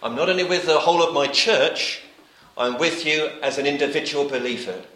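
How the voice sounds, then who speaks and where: Bright-voiced preacher man in an echoey hall. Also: a little high, brisk. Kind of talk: sermon.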